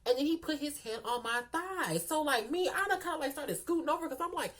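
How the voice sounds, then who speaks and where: A woman telling a story to her viewers in a sassy, animated, chatty way, often calling them girl and y'all. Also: sits high, a little fast, hardly any pauses. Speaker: storytime vlogger. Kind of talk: casual storytelling to the camera.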